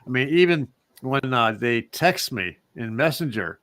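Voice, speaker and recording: A man co-hosts a casual talk show, wandering through his points in a rambling, roundabout way. His voice has an ordinary, mid-range pitch. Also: expressive, unhurried, fairly bright tone, no echo. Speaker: co-host. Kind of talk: casual chat.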